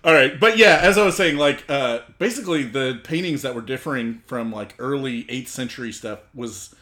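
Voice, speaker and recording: A man's voice: medium pitch, moderate pace, pushed and bright. A man co-hosting a podcast, casually and profanely retelling Norse myths to his friends. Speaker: podcast host.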